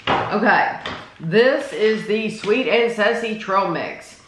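A woman's voice: medium pitch, expressive, slow. A woman hosting a casual snack taste-test video, chatty and enthusiastic, reading out package labels. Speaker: host. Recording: echoey room with faint noise.

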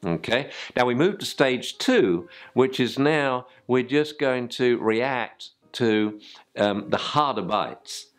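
A man's voice: mid-range voice, animated, slow pace, faint music behind. An older man, teaching dog training informally and acting out yelps and spoken commands to dogs.

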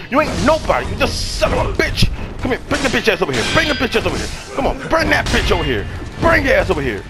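A man, hosting a gaming channel and yelling, cursing and cheering through live gameplay commentary. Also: high-pitched. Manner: loud, cursing, shouting at the game.

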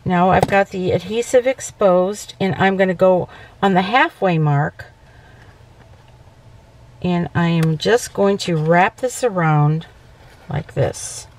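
A woman's voice: lowish voice, slow pace, pauses often, a little mellow, a little hiss or hum. A woman hosting a casual papercraft tutorial, chatty and self-correcting, often checking in with "okay". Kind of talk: casual crafting demonstration.

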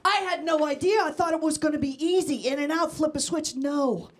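A woman's voice: high voice, brisk. A middle-aged woman from Mexico doing a bawdy stand-up set on stage with a handheld mic, talking straight to the audience. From Mexican-American. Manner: brash, bawdy, talks to the crowd. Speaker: stand-up comedian. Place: comedy club stage before a live audience. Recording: noisy live crowd. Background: audience laughter.

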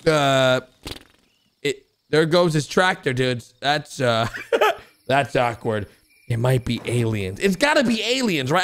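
A young man giving excited reaction commentary on animated videos, with an exclamatory, animated way of talking. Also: high voice. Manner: animated, exclamatory, frequent gasps and laughs. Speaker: gaming YouTuber reacting to animations.

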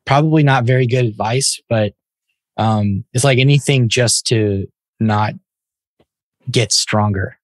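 A man's voice: medium pitch, measured pace, dry recording. A man hosting a podcast interview, chatting in an easygoing, agreeable way. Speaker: podcast host. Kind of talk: casual interview.

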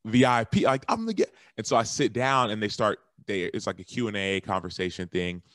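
Man, low voice, dry close sound, excited storyteller, casual podcast guest. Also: a little fast, no echo. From Texas. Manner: animated storyteller, jumps to high excited voices when quoting himself. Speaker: guest, former football linebacker and author.

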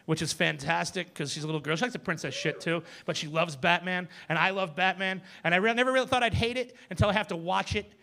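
A man in his forties doing a stand-up set on a club stage, loud and ranting with mocking asides. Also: high voice, quick pace, vocal fry, hardly any pauses. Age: 40s. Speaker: stand-up comedian. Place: comedy club stage with audience. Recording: live club recording with faint crowd.

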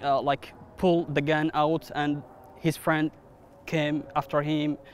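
Shaken male driver, halting speech. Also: fairly high pitch, flat delivery, a little hiss or hum. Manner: shaken, halting retelling with fillers. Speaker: rideshare driver interviewed.

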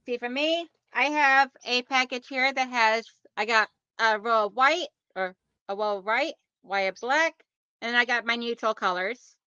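Woman livestream host, playful casual chat, crisp clear voice, dull lo-fi audio. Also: a little high, a little slow, sharp tone, dry recording.

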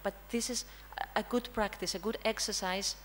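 A woman's voice: medium pitch, steady tone, moderate pace, slight background noise, low-quality recording. A woman with a Greek accent giving an interactive conference lesson, quizzing the audience and often checking in with a questioning "hmm?". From Greece. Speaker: language teacher presenting. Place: conference room.

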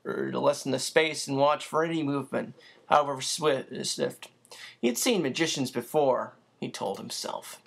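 An amateur reader narrating a children's storybook aloud, in an expressive, lilting style. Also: mid-range voice, gravelly. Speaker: audiobook reader.

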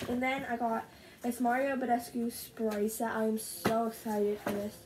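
A teenage girl filming a casual haul video at home, gushing over each item with lots of "like" and "so good", her voice a little rough. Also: a little high, completely flat delivery, moderate pace, background noise. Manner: gushing, bubbly, heavy use of "like". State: slightly rough voice. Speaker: vlogger. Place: at home, indoors. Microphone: camera set up in front of her.

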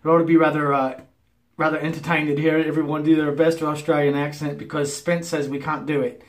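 An American man talks through his shaving routine in a loose, jokey way, stopping for fillers and restarts. His voice sits a bit high, and the bathroom tiles make the sound echoey. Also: level tone, a little fast. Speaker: wet shaving YouTuber. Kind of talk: casual shaving vlog talk to camera. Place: bathroom at the sink.

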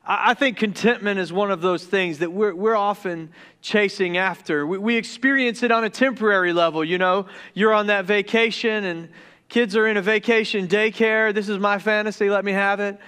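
In a church sanctuary, a pastor from the Deep South preaches with a relaxed, humorous tone. His delivery is smooth and his pace normal, though he stumbles over words once excitement takes hold.

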